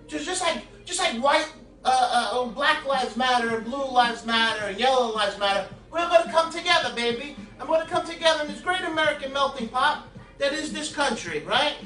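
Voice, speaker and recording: Recorded at a distance by the camera, a man rambles through a casual home cooking video and tosses crude jokes at his audience. His very high voice is sharp, a little fast and lively in intonation, and the echoey kitchen carries faint music from the home.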